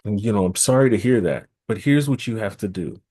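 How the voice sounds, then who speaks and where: A man's voice: lowish voice, expressive, a little fast, dark tone. A man voicing Eshu, a spirit disguised as a man, giving emphatic, insistent instructions. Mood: commanding.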